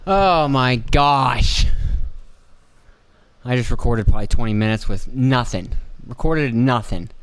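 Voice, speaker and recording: A man's voice: medium pitch, animated, a little slow, long pauses. A man hosting a solo podcast from home, rambling in a profane, incredulous way. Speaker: podcast host. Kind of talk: casual solo monologue.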